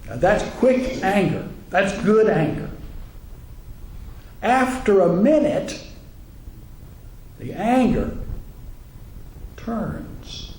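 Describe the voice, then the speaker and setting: A man's voice: high voice, big pitch swings, extremely slow, pauses often, a little mellow, a little hiss or hum. A male minister giving a humorous sermon in a wry, conversational way, acting out the voices he quotes. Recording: echoey room, faint ambience.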